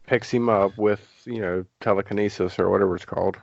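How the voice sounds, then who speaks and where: Deep-voiced man rambling through a movie recap. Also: fairly even intonation, a little fast, gravelly, dry recording, lo-fi sound. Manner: rambling recap with frequent fillers and hedges. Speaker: podcast host. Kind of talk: casual movie discussion.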